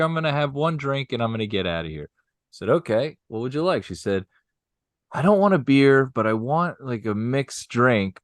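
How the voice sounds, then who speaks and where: Male podcast co-host, mid pitch, lively anecdote teller, dry close mic. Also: dry recording. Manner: animated storyteller, acts out quoted voices. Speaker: podcast co-host telling a bar story. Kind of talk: casual storytelling chat.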